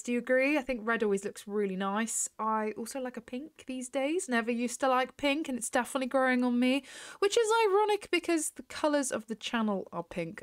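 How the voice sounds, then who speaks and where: A woman's voice: a little high, clear, resonant tone. Chatty young English woman gaming. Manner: chatty, rambling, self-mocking. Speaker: gaming YouTuber. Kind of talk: casual gameplay commentary.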